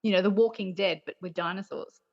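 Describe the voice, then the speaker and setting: A woman's voice: medium pitch, fairly quick, creaky. Eager woman guest, dull lo-fi sound. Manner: enthusiastic, trailing, fills with "you know". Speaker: podcast guest. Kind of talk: casual chat. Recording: slightly dull lo-fi audio.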